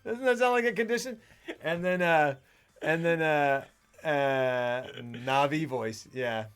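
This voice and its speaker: A man's voice: fairly high pitch, slow, fairly bright tone, clean tone. A man co-hosting a casual film podcast, laughing often and acting out movie scenes in goofy voices. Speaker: podcast co-host. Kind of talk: casual chat.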